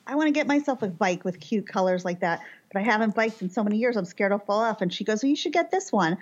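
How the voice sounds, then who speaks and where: A woman, a mother, telling a chaotic family story in casual chat, animated and dramatic, acting out the shouting. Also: mid-range voice, highs cut off.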